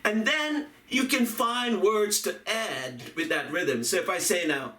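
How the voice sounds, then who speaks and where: A man giving a reflective talk on poetry and music, speaking deliberately, repeating phrases and chanting rhythms aloud. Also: sits high, bright, forceful tone. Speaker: video essayist on poetry and music. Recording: echoey room, voice from a distance.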